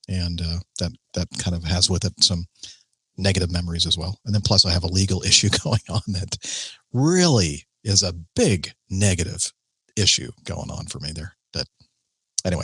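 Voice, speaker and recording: A man from Southern California talking in a halting, casual way, with many ums and uhs and corrections as he goes. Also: low voice, a bit bright, husky, no room sound. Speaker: podcast guest, pilot. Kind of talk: casual conversation.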